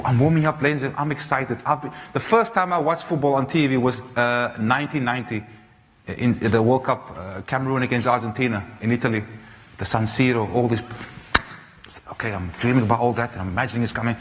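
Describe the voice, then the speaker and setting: A man in his thirties from South Africa, giving an animated storytelling talk on stage, full of restarts and fillers. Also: mid-range voice, quick pace. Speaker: speaker. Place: large auditorium. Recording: reverberant hall, faint noise.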